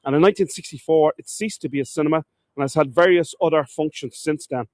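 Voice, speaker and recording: An Irish tour guide narrates a live walking tour through city streets outdoors, calling his viewers "folks" and frequently tripping over words before correcting himself. His voice sits on the high side with a darkish tone, he talks fast, and there's no room sound.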